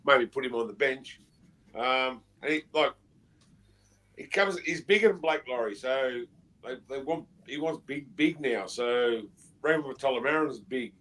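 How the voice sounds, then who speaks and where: A man co-hosting a sports fan podcast, laid-back and hesitant, often pausing with ums. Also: mid-range voice, a bit bright, poor audio. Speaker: podcast co-host. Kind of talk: casual fan panel chat.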